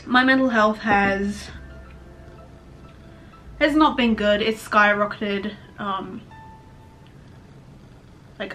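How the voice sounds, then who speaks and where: A woman's voice: medium pitch, fairly even intonation, slow pace, pauses often, bright, forceful tone, soft background music. A young adult woman vlogging candidly about her life, rambling and swearing casually. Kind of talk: candid personal vlog talk.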